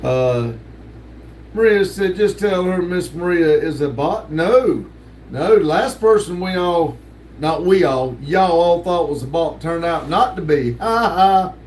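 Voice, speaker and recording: A man's voice: a little high, a little slow, a little mellow, slight background noise. An older man, hosting a casual livestream and reading chat messages aloud in a laid-back drawl with lots of laughs. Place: home room with sticker wall.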